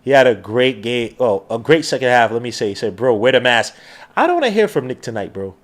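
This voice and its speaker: A man hosting a live sports watch-along podcast, talking in an excitable, slangy fan manner. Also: mid-range voice, fairly quick. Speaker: podcast host.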